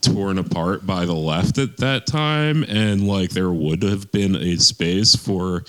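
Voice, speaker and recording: Very deep-voiced, slow-talking man. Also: a bit bright. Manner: rambling, hedging with fillers. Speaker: podcast co-host. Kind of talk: casual group chat.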